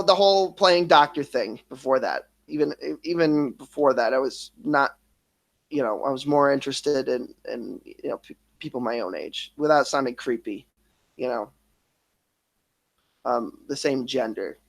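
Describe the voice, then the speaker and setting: A man in his thirties telling a painful personal story, swearing often, halting and restarting as he gets emotional. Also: mid-range voice, creaky, a bit bright. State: emotional, near tears at times. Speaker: streamer.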